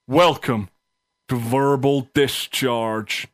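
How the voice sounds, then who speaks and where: A man voicing a smug male secret agent who speaks gravely and self-importantly. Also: medium pitch, level tone, normal speed, no room sound, studio quality, natural voice. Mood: solemn.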